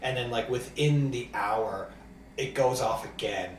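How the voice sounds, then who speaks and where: A man's voice: mid-range voice, a little slow. Rambling young man, roomy distant sound. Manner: rambling, heavy use of filler words. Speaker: comedian podcast co-host. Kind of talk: casual storytelling. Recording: roomy sound, distant from mic, faint room noise.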